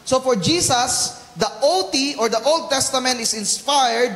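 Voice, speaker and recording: A Filipino man preaching a sermon as pastor, mixing English and Tagalog, asking the congregation questions and slowing down to stress key words. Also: very high voice, a bit bright. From Philippines. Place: church hall. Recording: echoey church hall reverb.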